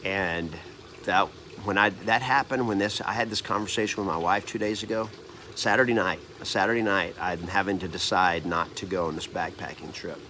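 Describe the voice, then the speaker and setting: A man's voice: deep voice, normal speed, pushed and bright, slight background noise. A man in his fifties, a coach, telling a personal story to camera in an earnest, rambling way, restarting and correcting himself often. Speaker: real estate trainer and coach.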